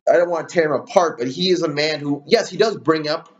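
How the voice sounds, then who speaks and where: A man's voice: on the high side, fast talker, dull audio. Heated, foul-mouthed man ranting. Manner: profane, heated ranting with many fillers. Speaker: political commentary host. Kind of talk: solo rant to camera.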